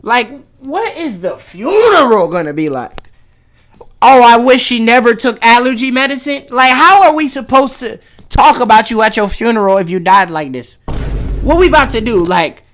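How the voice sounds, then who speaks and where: A man in his twenties reacting to a video with loud, mocking, joking slang commentary. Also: very high-pitched, sing-song, moderate pace. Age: 20s.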